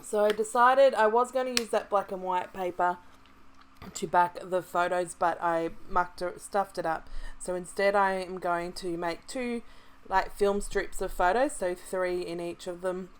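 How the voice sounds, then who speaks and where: Australian woman, slightly lower register, easygoing tutorial presenter who chats and self-corrects as she goes. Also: measured pace, clear, resonant tone. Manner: chatty, relaxed, thinking aloud with restarts. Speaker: craft kit club presenter. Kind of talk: casual craft tutorial voice-over.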